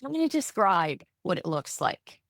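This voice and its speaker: A middle-aged woman from the US, an ADHD coach teaching on a live video call, animated and acting out quoted voices with self-deprecating asides. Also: fairly low pitch, moderate pace, dry recording, studio quality. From Midwestern US. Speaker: ADHD coach and guest speaker.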